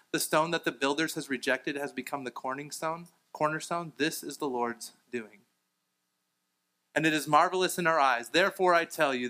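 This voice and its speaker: A male pastor preaching a sermon and reading scripture aloud, with fillers and restarts, rising to emphatic lines and dropping to quiet ones. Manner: swings between raised emphatic lines and low, quiet ones.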